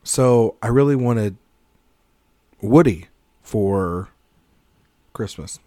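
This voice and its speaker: A man's voice: fairly low pitch, expressive, very slow, dark tone, no room sound, studio quality. A man co-hosting a casual film podcast, rambling through jokes and tangents, swearing freely and laughing mid-sentence. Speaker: podcast co-host.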